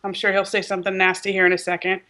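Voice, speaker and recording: A woman from the United States co-hosting a gaming podcast, excitable and quick to giggle. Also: medium pitch. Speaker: podcast co-host. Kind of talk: casual podcast chat.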